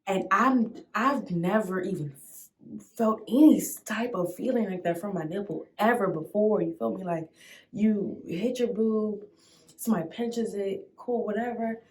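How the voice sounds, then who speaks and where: A young woman vlogger with a fairly low pitch casually tells a dramatic storytime. It's packed with slang, sudden squeals and loud outbursts.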